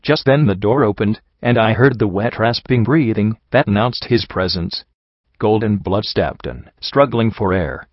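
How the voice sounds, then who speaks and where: A man narrating a first-person story in a steady reading voice. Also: lowish voice, a little slow, dry recording, highs cut off.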